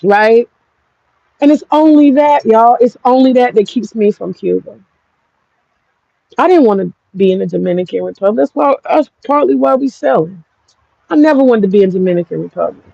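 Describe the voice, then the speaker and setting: A woman's voice: on the high side, animated, normal speed, gravelly, mellow, dry recording, dull audio. An American woman with an African American English accent, telling a personal story in a frank, profane, rambling vlog. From United States. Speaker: vlogger.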